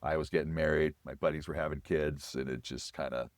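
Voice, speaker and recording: A man's voice: extremely low pitch, fairly even intonation, a little fast, no echo. A man in his forties sharing his recovery and faith story as an interview guest, earnest and reflective. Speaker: guest, chef. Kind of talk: personal testimony in an interview.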